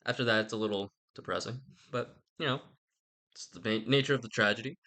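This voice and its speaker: A man's voice: mid-range voice, a little fast, bright, forceful tone. A young man giving a rambling, casual retelling of a story, irreverent and slangy, swearing and interrupting himself. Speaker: channel host.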